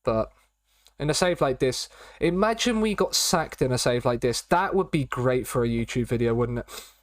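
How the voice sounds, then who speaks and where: A young Englishman talks casually through his live stream, rambling between thoughts and repeating pet phrases. His voice sits at an ordinary middle pitch. It is recorded close on a desk mic with no room sound. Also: expressive, normal speed, no echo. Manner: chatty, rambling, repeats catchphrases.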